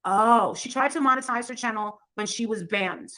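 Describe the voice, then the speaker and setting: A woman's voice: on the high side, moderate pace, pushed and bright. A woman chatting bluntly and gossiping about online drama, swearing freely. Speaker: streamer. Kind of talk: casual drama chat.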